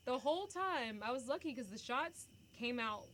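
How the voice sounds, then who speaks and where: An animated young woman storyteller, chatty and expressive. She shifts between quick asides and loud bursts as she relives the moment. A faint background hiss sits under her voice. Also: a little high. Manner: animated, breaks into loud screams when acting out the story. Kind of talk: casual storytelling.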